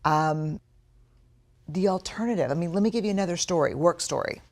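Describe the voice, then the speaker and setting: A woman with a low, grounded voice speaks to an audience, telling candid stories from her working life. She talks frankly and brings them to life by acting out her own inner voice. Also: a little fast, a little mellow. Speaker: speaker on courage and leadership. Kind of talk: storytelling talk to an audience.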